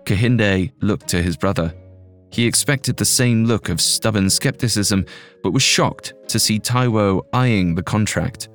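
Low voiced guy narrating a drama story, faint music under it. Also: a little slow. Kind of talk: scripted audio drama narration.

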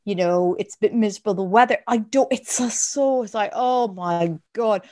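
A woman's voice: medium pitch, brisk, darkish tone. Chatty Irish woman podcast co-host. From Ireland. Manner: chatty, self-mocking storyteller. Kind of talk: casual chat.

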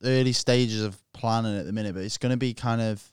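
A British musician guesting on a podcast, talking in a low-key, hesitant way. His voice sits low and smooth. The recording is dry. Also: fairly even intonation, fairly quick, no echo. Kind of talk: casual chat.

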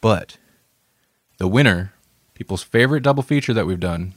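Low-voiced joking podcast host. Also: male voice, expressive, moderate pace, no echo, studio quality. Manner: joking, rambling, laughs often. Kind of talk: casual chat.

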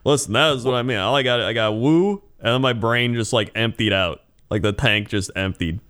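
A man's voice: mid-range voice, fairly quick, a bit bright, clean tone. A tired man co-hosting a casual podcast, rambling in a laid-back way with many fillers. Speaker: podcast co-host.

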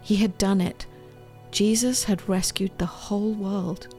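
Gentle woman storyteller over soft music. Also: medium pitch, fairly even intonation, a little slow. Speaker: author reading her storybook. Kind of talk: storybook read-aloud. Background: faint music.

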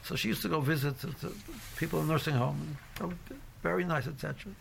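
A man teaches an informal Torah class in a somewhat raised voice with a rough, gravelly edge. He rambles through his points with constant "you know"s and restarts. He slips Hebrew and Yiddish terms into his English as he goes. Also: a little high, quick pace, a little hiss or hum. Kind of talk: informal religious lecture.

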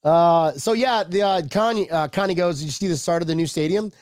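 Higher-pitched joking man, dry sound. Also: brisk, no echo. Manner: joking, laughs often, excitable. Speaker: podcast co-host. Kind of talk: casual chat reading viewer comments.

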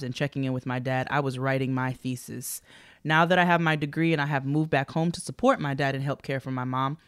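A woman's voice: rumbling low, smooth, no echo, studio quality. A woman co-hosting a podcast, reading listener letters aloud in an upbeat, playful way and hyping up the listeners. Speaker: podcast co-host.

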